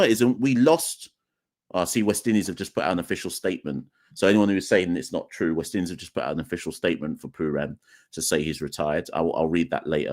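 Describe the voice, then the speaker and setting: A man hosting a live cricket podcast, talking emphatically, repeating his points and speaking straight to the chat. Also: on the low side. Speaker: podcast host. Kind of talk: live-streamed call-in commentary.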